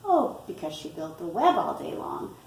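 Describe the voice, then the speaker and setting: A woman reading a picture book aloud and explaining storytime tips in a patient way, often pausing with "um" and "you know". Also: lowish voice, huge pitch swings, vocal fry, a little mellow, a little hiss or hum. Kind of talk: instructional read-aloud tutorial. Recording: roomy, from a distance, faint ambience.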